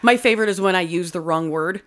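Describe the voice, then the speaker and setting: A woman's voice: on the low side, fast talker, fairly bright tone. A woman in her forties co-hosting a podcast at a studio mic, telling loose, profane stories in casual chat. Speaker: podcast co-host. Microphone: studio microphone.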